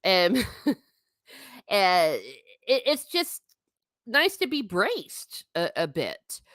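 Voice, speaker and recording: A woman's voice: mid-range voice, huge pitch swings, very slow, a bit bright, no room sound. A woman hosting a casual live stream, chatting irreverently with her viewers, laughing often and swearing mildly. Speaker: vlogger reading live chat.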